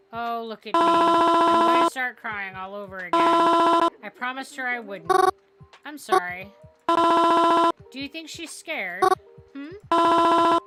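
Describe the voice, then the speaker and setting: A woman's voice: high-pitched, slow, pauses often. A woman voicing a grieving mother who is heartbroken and doting, speaking in a tearful, gushing, old-fashioned polite way, with game music behind.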